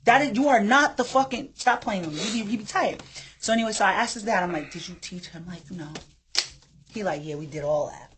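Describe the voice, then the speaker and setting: A woman's voice: mid-range voice, animated, a little fast, slight background noise. A woman in her thirties co-hosting a casual podcast chat, telling a story animatedly, acting out quotes and swearing freely. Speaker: podcast co-host.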